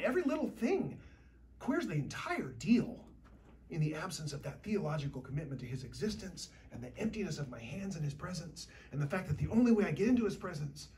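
A woman preaching a sermon in a church, talking in a conversational, lively way with shifting loudness. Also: fairly low pitch, far from the mic, a little hiss or hum.

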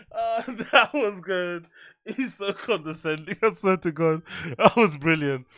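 A man's voice: high-pitched, slow, sharp tone, no room sound. A man hosting a reaction video, mocking and swearing freely as he comments.

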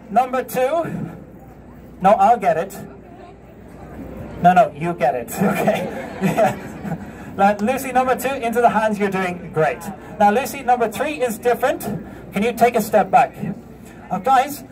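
A man's voice: high voice, darkish tone. A man doing a comic street show, joking and bossing his volunteers around. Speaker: street performer. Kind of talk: street show patter with crowd. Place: outdoor street show in a city. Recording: distant outdoor crowd recording. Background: crowd laughing and street noise.

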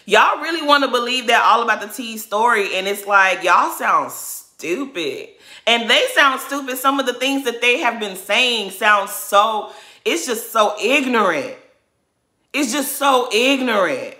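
Indignant woman with a bright voice. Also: on the high side, animated, a little slow, echoey room. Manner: indignant, emphatic, repetitive rhetorical build-ups. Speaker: reality TV recap vlogger. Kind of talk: opinionated recap commentary.

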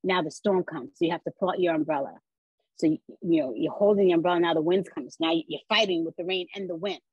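Woman podcast guest, storyteller who acts out quotes, husky voice, dull lo-fi sound. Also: fairly low pitch, fast talker, a little mellow, no room sound. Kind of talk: personal storytelling.

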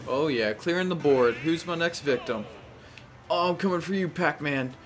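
A young man giving casual, animated commentary while playing a video game, talking to the characters on screen and often exclaiming. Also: a little high, moderate pace, slight background noise. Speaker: gameplay commentator. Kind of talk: casual live gameplay commentary.

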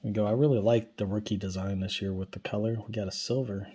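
Soft-spoken man with a husky voice. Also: fairly even intonation, fast talker. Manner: low-key, talks quietly while handling cards. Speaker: card collector opening packs. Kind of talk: casual card-opening vlog.

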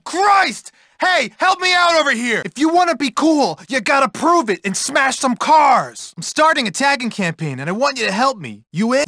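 A sneering townie dropout. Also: male voice, extremely high pitch, sharp tone, dry recording, clean studio sound, full character voice. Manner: sneering, taunting, disdainful. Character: surly male townie dropout, bored and hostile. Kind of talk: video game character voice lines.

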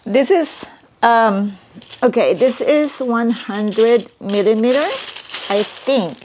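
Woman vlogger, unhurried, high-ish voice, excitable and giggly, casual unboxing chat. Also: slight background noise.

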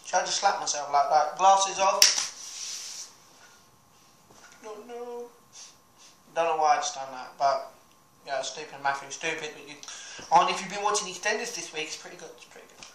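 A man's voice: a little high, lively intonation, normal speed, long pauses, a bit bright. A young man rambling casually to camera in a vlog, chatty and self-mocking. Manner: chatty, scattered, self-mocking, talks to his dog. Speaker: vlogger. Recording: echoey room, faint noise.

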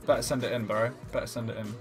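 A man's voice: mid-range voice, level tone, fast talker. Young man, rowdy sweary gamer banter, impressions, faint music behind. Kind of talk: comic impressions over gameplay commentary.

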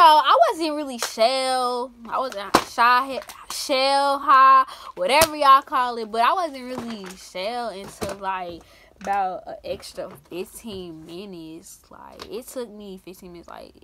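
A young woman vlogger telling a story casually, full of slang, swinging from loud outbursts to hushed asides. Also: on the high side, slow pace, background noise.

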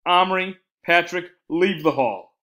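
Man playing an irritable headmaster, high and loud, barking orders. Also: moderate pace. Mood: stern. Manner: loud, stern scolding. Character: irritable male school headmaster.

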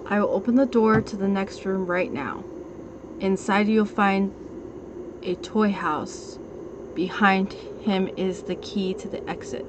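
A woman reading out the lines of an unseen sinister captor in a slow, low, menacing way. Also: steady tone, close to an everyday voice. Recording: noisy stream audio.

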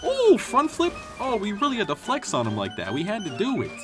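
A young man giving excitable, jokey gameplay commentary and trash-talking enemies as he plays. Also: sits high, quick pace. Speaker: gaming youtuber. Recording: faint game music behind.

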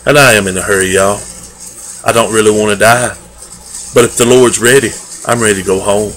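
A man giving a daily devotional, earnest and homespun in manner, with loose everyday grammar and drawn-out emphatic phrases. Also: lowish voice, steady tone, fairly bright tone, poor audio. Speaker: lay preacher. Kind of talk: folksy daily devotional sermon.

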